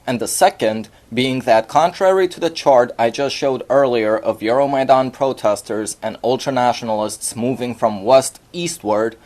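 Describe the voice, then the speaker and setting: A man reads a scripted voice-over at a middling pitch. His delivery is measured and explanatory, and he walks through each point in order. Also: darkish tone. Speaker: narrator.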